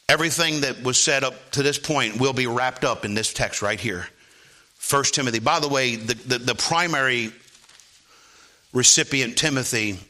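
A man preaching a sermon, repeating phrases and calling for affirmation, rising to loud emphatic peaks. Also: medium pitch. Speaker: pastor.

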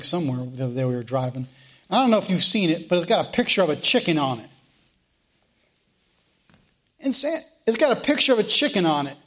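A man teaching a Sunday school class, preaching with passion and stumbling over repeated words, then leading a prayer. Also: a little high. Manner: impassioned, repeats words when stirred up.

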